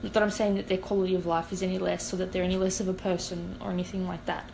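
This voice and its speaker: Young aussie woman chatting on a podcast, lively storyteller, bit of faint hiss behind her. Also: fairly low pitch, very fast, creaky, low-quality recording. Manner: animated, acts out quoted dialogue. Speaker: podcast co-host. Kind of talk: casual storytelling chat.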